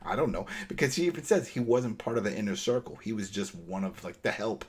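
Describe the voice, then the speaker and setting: A husky, lowish-voiced man speaks briskly as a podcast co-host, casually recapping a TV episode. He's animated and acts out the characters' lines in quotes.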